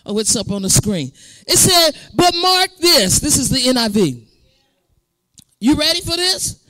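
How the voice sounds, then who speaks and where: Woman pastor, emphatic sermon delivery with sung and shouted lines, close and dry sound. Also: sits high, big pitch swings, normal speed, no room sound. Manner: emphatic, call-and-response preaching; drifts into sung, shouted phrases.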